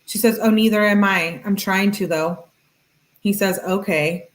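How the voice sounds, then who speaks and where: A woman reads text messages aloud in a casual, matter-of-fact way, tagging each one with "she says" or "he says." She breaks in with chatty asides between them. Her voice sits at a middling pitch. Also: steady tone, measured pace, rough recording. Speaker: true-crime channel host.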